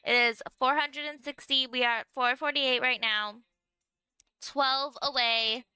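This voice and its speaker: A young woman streamer with a bright, crisp, fairly high voice, chatting casually to her viewers while eating. She talks in loose, rambling sentences full of "like", recorded dry and close at home. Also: steady tone, a little slow, no echo. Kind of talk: casual livestream chat.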